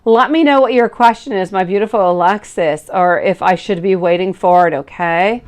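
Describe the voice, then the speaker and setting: A woman in her thirties reads tarot cards on a live stream, talking to viewers in a chatty, affectionate way. She keeps calling them sweetie and beautiful. Her voice sits at an ordinary middle pitch for a woman. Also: moderate pace, a little mellow. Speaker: tarot reader.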